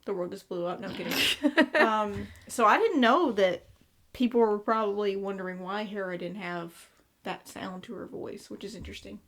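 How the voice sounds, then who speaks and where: A woman's voice: mid-range voice, moderate pace, a bit bright. A woman from the American South with a Southern accent, co-hosting a fan podcast in casual chat, hesitant and full of fillers as she reads episode trivia. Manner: hesitant, filler-heavy, recaps episode notes. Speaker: podcast co-host.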